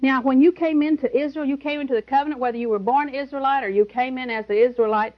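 A woman's voice: high-pitched, steady tone, fast, highs cut off. A woman preaching a sermon, emphatic and chuckling, who repeats her key words.

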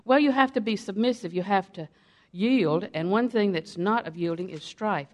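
A woman's voice: medium pitch, normal speed, darkish tone, highs cut off. An older woman preaching a sermon, emphatic and repetitive, telling stories to make her points.

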